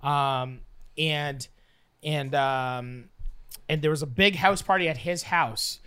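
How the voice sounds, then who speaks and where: A young man from Canada telling a rambling, profane story in casual chat, acting out scenes with loud bursts. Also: fairly high pitch, slow pace, clear, resonant tone. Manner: rambling, profane, animated, acts out the scenes with shouts. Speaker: storyteller guest.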